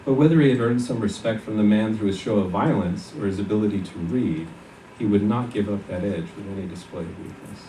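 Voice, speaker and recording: Low-voiced guy reading his own story, mic far off, roomy echo. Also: a little fast, warm tone, a little hiss or hum. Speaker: author reading his fiction. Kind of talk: literary reading. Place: conference reading room. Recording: echoey hall from far off.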